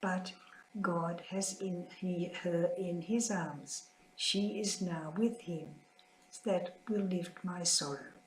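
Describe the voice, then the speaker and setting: An older woman, a religious sister, sharing a heartfelt, tender spiritual reflection in a quietly grieving manner. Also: lowish voice, steady tone, slow, slight background noise. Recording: roomy echo.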